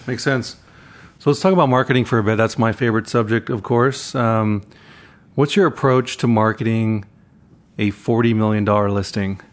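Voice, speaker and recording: A man's voice: lowish voice, steady tone, normal speed. A man interviewing a guest, asking loose, casual questions with fillers.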